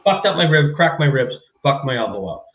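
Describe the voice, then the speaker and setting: Animated, profane man on a tinny line. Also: mid-range voice, fairly quick, reverberant. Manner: profane, animated storyteller who acts out quotes. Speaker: podcast host. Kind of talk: casual chat, storytelling.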